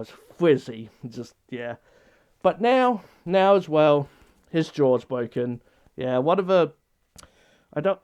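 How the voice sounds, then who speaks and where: A man's voice: fairly high pitch, a little mellow. Rambling, hesitant young-sounding man. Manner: rambling, hesitant, with many restarts and laughs. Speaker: vlogger. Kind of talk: unscripted casual chat.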